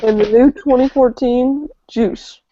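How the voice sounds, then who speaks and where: A man in a casual chat among friends, giving short, slow, cagey replies. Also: extremely high pitch. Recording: dull lo-fi recording with faint noise.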